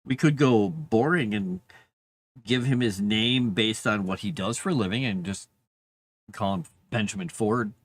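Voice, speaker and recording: A man writing live on stream, thinking out loud and talking gently to his dog. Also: fairly low pitch, unhurried. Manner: talks softly to his dog between musings. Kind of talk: casual live-stream chat.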